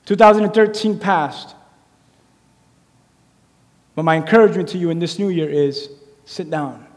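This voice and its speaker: A man preaching a sermon in a church, animated and conversational, acting out little quotes as he goes. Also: fairly high pitch, normal speed. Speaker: pastor. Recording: echoey hall reverb.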